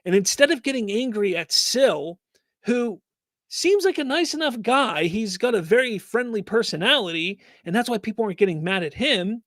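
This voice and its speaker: A man hosts a live stream from a home setup and rants about fan news with exasperated, rhetorical questions. His voice sits high for a man. It is picked up close on a mic with a dry, dead sound. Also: expressive, normal speed, a bit bright, no room sound. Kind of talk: live stream talk, reading chat comments.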